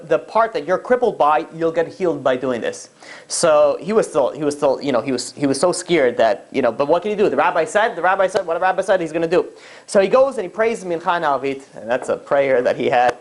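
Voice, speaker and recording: A rabbi telling a story in a casual, chatty lecture. He is animated, acts out the characters' lines, and throws in asides to his listeners. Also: mid-range voice.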